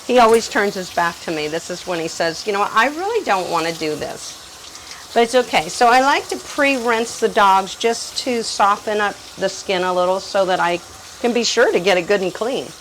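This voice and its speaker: A professional pet groomer, a woman, explaining dog grooming in a calm teaching manner and coaxing the dog softly. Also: medium pitch, normal speed, a little hiss or hum. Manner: calm instructive talk to viewers, soft coaxing to the dog.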